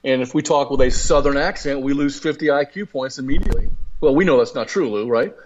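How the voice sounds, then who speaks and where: A man's voice: medium pitch, fast talker, muffled recording, slight background noise. A man hosting a talk radio show, telling folksy stories and rambling into political commentary with many fillers. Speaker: radio host.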